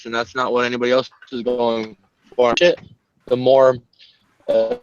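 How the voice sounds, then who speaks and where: A man who joins a casual online call and talks haltingly, with many restarts. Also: medium pitch, clear, resonant tone, faint music behind. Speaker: call guest. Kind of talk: casual discussion. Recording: dry, dull call audio.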